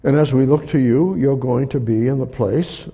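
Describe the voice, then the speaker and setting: A man delivers a sermon with a gravelly, husky voice. His tone is dark and mellow. He repeats himself emphatically, rising to loud declarations and dropping to soft near-whispers. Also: medium pitch, moderate pace. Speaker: preacher.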